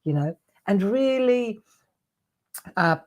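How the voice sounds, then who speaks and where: A woman's voice: medium pitch, animated, takes it slowly, darkish tone. An older woman, a craft show host chatting casually and rambling to viewers during a livestream.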